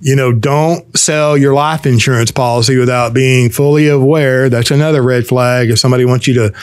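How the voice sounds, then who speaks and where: A man's voice: medium pitch, steady tone, fairly quick, clear, resonant tone, no echo, clean studio sound. A man hosting a podcast in casual chat, joking and explaining at length. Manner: joking, talks in long explanatory runs. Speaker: podcast host.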